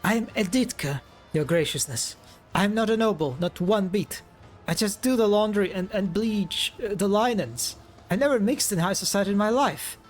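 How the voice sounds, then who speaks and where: A man voicing a frightened lowborn laundry woman who pleads and stammers, reading game dialogue aloud on a live stream. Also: expressive, moderate pace, faint music behind. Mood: pleading.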